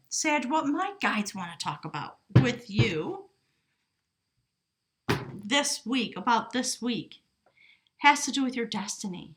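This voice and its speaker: Bright-voiced, effusive woman reading tarot. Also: on the high side, lively intonation, unhurried, slight background noise. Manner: warm, effusive, emotional, chatty. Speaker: tarot reader. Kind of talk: casual tarot reading to camera. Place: home room with a small table. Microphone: camera at a short distance.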